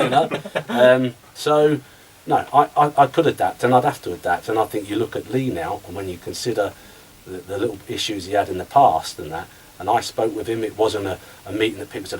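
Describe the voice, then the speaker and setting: A former footballer talks as a radio guest, his low voice set a little back from the mic. He tells lively stories and acts out both sides of old conversations. Faint hiss runs under the recording. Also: quick pace, distant mic, poor audio. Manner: animated storyteller, acts out conversations. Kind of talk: radio interview chat.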